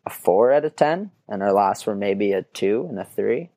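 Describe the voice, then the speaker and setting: A man's voice: lowish voice, expressive, normal speed, warm tone, no room sound. A young man co-hosting a podcast, chatting casually with loose, profane banter and laughing often. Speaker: podcast co-host. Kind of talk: casual chat. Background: hip hop beat.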